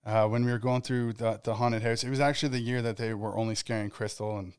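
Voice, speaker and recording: A man's voice: medium pitch, steady tone, fast talker, a little mellow, smooth, dry recording, studio quality. A man in his thirties on a casual podcast, telling anecdotes and acting out what people said. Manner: storyteller who acts out quoted lines. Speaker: podcast co-host. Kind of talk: casual chat.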